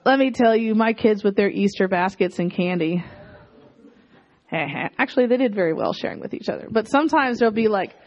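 A woman in her thirties preaching a sermon in an animated way. She repeats lines for emphasis and often laughs as she talks. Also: mid-range voice, moderate pace. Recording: dull lo-fi recording.

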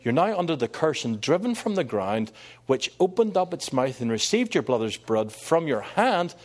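Middle-aged man preaching; animated and conversational, voice rising and falling a lot. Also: on the high side, normal speed. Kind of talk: sermon.

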